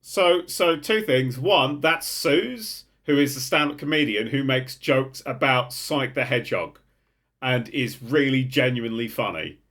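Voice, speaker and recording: A man's voice: medium pitch, unhurried, a bit bright. A young man hosting a casual podcast, rambling and swearing with frequent laughter. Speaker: podcast host. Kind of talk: casual chat.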